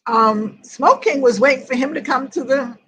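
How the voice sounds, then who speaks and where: A woman's voice: sits high, normal speed, fairly bright tone, husky, poor audio. Older woman retelling a loss, quoting everyone. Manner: rambling retelling that quotes each conversation. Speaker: host of a grief group. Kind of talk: personal storytelling in casual chat.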